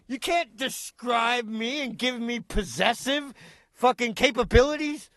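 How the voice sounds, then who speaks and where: Slow, sarcastic, high-voiced man ranting. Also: a bit bright, no room sound. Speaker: reaction commentator. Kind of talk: reaction commentary.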